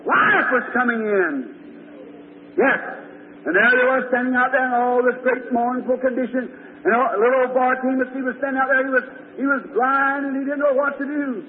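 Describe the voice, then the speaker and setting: A man's voice: very high-pitched, fairly even intonation, normal speed, a little hiss or hum. A man preaching a fervent revival sermon, telling Bible stories and asking the congregation questions. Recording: tinny old phone-like recording in a hall.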